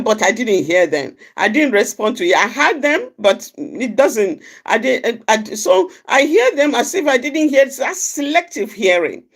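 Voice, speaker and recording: High, lively-voiced woman giving earnest advice. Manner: repetitive, restates each point, frequent "you know". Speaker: outreach speaker on anger management. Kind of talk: informal motivational talk.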